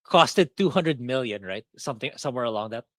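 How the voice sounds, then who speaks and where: Bright-voiced podcast co-host. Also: male voice, medium pitch, expressive, a little fast, dry recording, studio quality. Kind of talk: casual chat.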